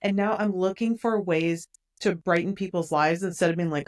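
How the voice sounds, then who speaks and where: A woman's voice: fairly low pitch, moderate pace. A woman hosting a podcast, chatting casually in a hopeful, upbeat way. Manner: upbeat, hopeful, acts out quotes. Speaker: podcast host. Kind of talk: casual conversation.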